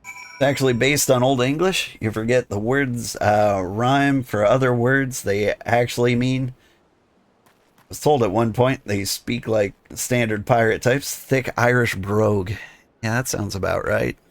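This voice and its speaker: A man's voice: medium pitch, measured pace, no room sound. A man casually commenting on a game between dialogue readings, with playful joking asides. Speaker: let's play host.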